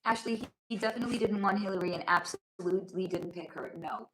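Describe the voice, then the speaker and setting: A woman hosts a casual livestream, reading comments aloud and calling her viewers honey and sweetie, cursing without a second thought. Her voice is hoarse, as if she is losing it, sitting at a middling pitch. The sound bounces around a roomy, echoey space. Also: fast, fairly bright tone, slight background noise. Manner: chatty, calls viewers honey and sweetie, swears freely. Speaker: livestream host. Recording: roomy echo.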